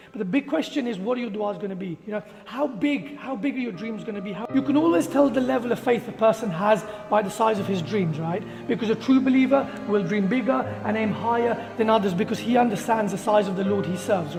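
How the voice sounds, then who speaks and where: A man's voice: high voice, gravelly. A man giving a motivational talk to a group, emphatic and firing rhetorical questions. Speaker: motivational speaker. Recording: echoey hall with faint music.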